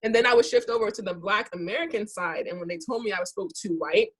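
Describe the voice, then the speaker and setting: A woman from Liberia with a light Liberian English accent, a podcast guest talking candidly in reflective, halting bursts. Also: mid-range voice, a bit bright.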